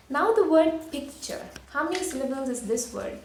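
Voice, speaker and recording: A woman teacher gives children a spelling lesson, patiently explaining and sounding out each word syllable by syllable. Her high, expressive voice is a little mellow, at normal speed with few pauses, in an echoey room with faint noise.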